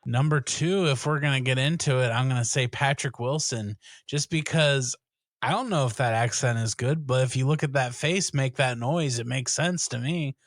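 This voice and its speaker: A man co-hosting a podcast in casual chat, deadpan and joking, rambling with fillers. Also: mid-range voice, moderate pace, no echo, studio quality. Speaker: podcast co-host.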